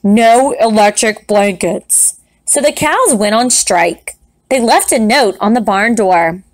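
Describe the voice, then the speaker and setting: A woman teacher reading a picture book aloud to young students in a gentle, encouraging way. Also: fairly high pitch, animated, measured pace, slight background noise. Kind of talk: children's read-aloud. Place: classroom recording setup.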